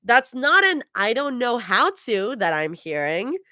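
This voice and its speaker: A woman's voice: on the high side, big pitch swings, measured pace, sharp tone, no echo, clean studio sound, pitched above the performer's own voice, exaggerated voice. A woman reading aloud, voicing a bubbly, teasing young woman with a raised, chirpy voice.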